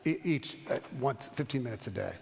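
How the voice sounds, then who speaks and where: A pastor teaching a Bible study class, talking fast and animated, with frequent restarts. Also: male voice, mid-range voice, gravelly, long reverb tail, a little hiss or hum. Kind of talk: Bible study lecture with questions.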